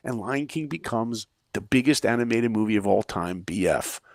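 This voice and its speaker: A middle-aged man telling a story in a podcast conversation, energetic and acting out quoted lines with big shifts in pitch and loudness. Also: normal speed, dry recording, clean studio sound. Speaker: podcast guest, filmmaker and speaker.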